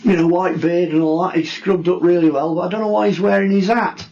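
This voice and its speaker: A man's voice: high voice, steady tone, fairly quick, dark tone, a little hiss or hum, voice pushed up. A man quoting a burly older builder, insistent and matter-of-fact. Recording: dull lo-fi recording.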